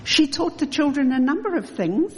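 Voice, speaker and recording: A woman calmly summing up a children's story. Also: high voice, normal speed. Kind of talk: reflective commentary after a reading. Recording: echoey hall reverb.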